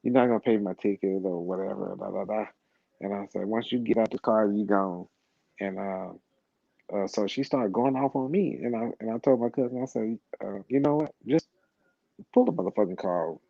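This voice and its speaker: A man's voice: on the low side, a little fast, vocal fry, dry recording. A middle-aged man telling a long story in casual, rambling talk, profane and full of repeated words and restarts. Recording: slightly dull, lo-fi sound.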